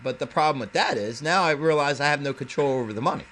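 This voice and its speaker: A man's voice: a little high, very animated, fast, few pauses, a bit bright. A man hosting a casual internet radio show, rambling and profane, laughing often.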